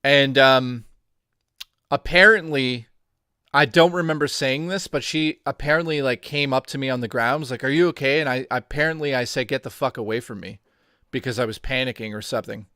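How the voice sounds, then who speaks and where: Dude on a podcast, swears a ton, lively storytelling, mid pitch, dry close mic. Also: male voice, a little fast, smooth, no room sound. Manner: animated storyteller, swears a lot. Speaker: podcast co-host. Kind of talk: casual chat.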